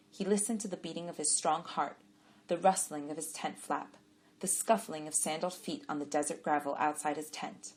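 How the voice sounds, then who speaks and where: A woman reads a story aloud in a calm, measured way. Her voice sits on the low side for a woman, steady and unhurried. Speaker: audiobook narrator. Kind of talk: scripted narration.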